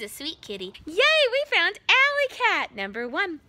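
A young woman teaching kindergarten, singing and talking in an animated, exaggerated way with gasps and cheers. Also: very high voice, normal speed, a little hiss or hum. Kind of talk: sing-song lesson for young children. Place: outdoors on a farm.

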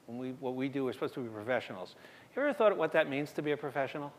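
Speaking rapid-fire with lively intonation and a medium-pitched voice, a middle-aged man lectures on emergency medicine at a conference, recounting work stories in a conversational, self-deprecating way. He restarts sentences often, and the lecture hall's long reverb trails behind him.

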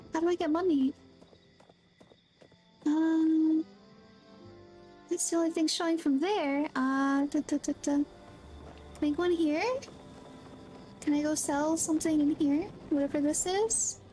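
A woman's voice: high voice, steady tone, measured pace, pauses often, dark tone, soft background music. A woman livestreaming a game, chatting casually and thinking aloud, a little drowsy and yawny. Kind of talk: casual gameplay chat.

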